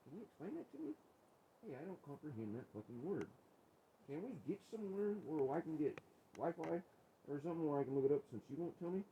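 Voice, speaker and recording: A man's voice: fairly high pitch, lively intonation, fast, dull audio, a little hiss or hum. Profane, confrontational man arguing heatedly. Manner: profane, confrontational, voice rising to yelling. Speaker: husband arguing with his wife. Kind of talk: heated domestic argument on a vlog.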